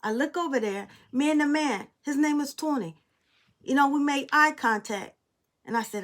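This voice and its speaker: High-voiced woman, blunt casual tarot reader. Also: normal speed, fairly bright tone. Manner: blunt, emphatic, swears freely. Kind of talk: casual spiritual storytelling and tarot reading.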